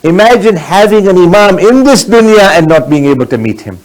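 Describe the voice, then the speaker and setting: A man's voice: high voice, expressive, fairly quick, rough recording. A man giving a sermon as a sheikh, earnest and exhorting, mixing in Arabic religious phrases.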